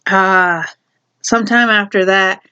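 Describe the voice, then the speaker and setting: A woman's voice: medium pitch, slow, clean tone. Lady from chicago telling a funny family story, laughs a lot, restarts sentences, kinda muffled lo-fi audio. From Chicago, USA. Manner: animated, laughing, self-correcting, acts out quotes. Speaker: vlogger. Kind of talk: casual storytelling. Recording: dull lo-fi recording.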